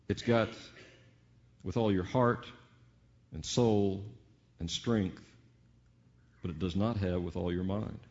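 A man preaching a sermon in a teacherly way, slowing down on key words and asking rhetorical questions. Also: on the low side, warm tone, dull audio. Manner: teacherly, varied emphasis with drawn-out pauses and rhetorical questions.

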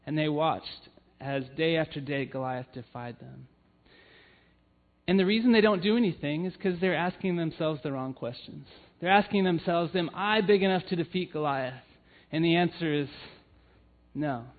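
A man's voice: on the high side, normal speed. A man giving a sermon, telling personal stories in an earnest way with frequent "um"s. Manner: earnest storytelling with frequent fillers. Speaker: church family ministry leader. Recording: tinny phone-like sound.

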